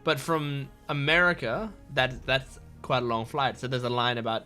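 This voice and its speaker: A man's voice: mid-range voice, steady tone, moderate pace, pushed and bright. A young man chatting casually over a game playthrough, rambling with many fillers. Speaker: let's play host. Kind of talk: casual game commentary and reading dialogue aloud. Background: faint game music.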